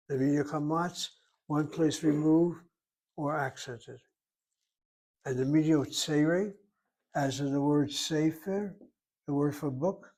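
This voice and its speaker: An older man with a fairly high-pitched, darkish voice gives a Hebrew lesson at a whiteboard. He explains the rules methodically, repeating key points as he writes on the board.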